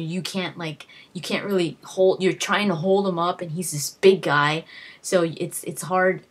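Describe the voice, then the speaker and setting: A young woman talks through her favorite game moments in a loose, rambling way, full of "like" and restarts. Her voice sits a little low and sounds husky. She jumps into quoting characters as she goes. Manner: rambling, lots of fillers and restarts, acts out quotes. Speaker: gaming vlogger. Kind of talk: casual storytelling.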